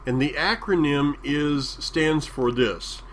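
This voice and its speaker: A man with a Southern US accent preaching a sermon, drawing out key phrases with deliberate emphasis. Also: a little high, a bit bright, a little hiss or hum.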